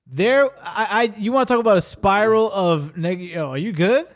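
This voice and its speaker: A man hosting a relaxed podcast chat, fond of slang and quick to cut himself off and start again. His voice sits a little higher than most men's. He tells anecdotes with lively energy. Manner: animated storyteller with slang and frequent self-interruptions. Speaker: podcast host.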